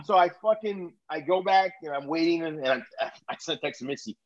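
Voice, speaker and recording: High-voiced man telling a profane story. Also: brisk. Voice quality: profane, animated, laughs while telling. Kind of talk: casual storytelling chat. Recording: slightly muffled recording.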